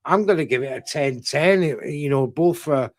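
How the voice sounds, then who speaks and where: This man's voice is on the high side and a little mellow, moving at a moderate pace with no echo. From a UK streaming setup he gives live boxing commentary for a watchalong, casually responding to viewers and addressing each by chat name.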